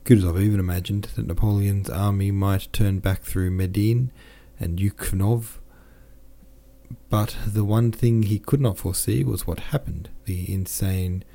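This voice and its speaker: A man reads a classic novel aloud for his podcast, in a deep, low voice with a mellow, soft tone. The delivery is plain and steady, broken now and then by casual self-corrections and offhand asides. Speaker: podcast host and audiobook reader.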